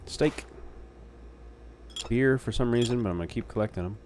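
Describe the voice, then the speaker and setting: A man's voice: mid-range voice, moderate pace, darkish tone, a little hiss or hum. A man hosting a let's play with casual gameplay commentary. He is chatty and self-deprecating, and often talks to himself.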